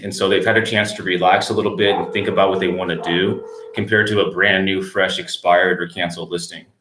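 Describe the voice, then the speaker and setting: Brief: deep-voiced, easygoing male phone prospector, recorded in a roomy, echoey space. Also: background noise. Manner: polite, easygoing, explains his process. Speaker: real estate appointment setter. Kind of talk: cold-call demo with commentary. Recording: roomy echo.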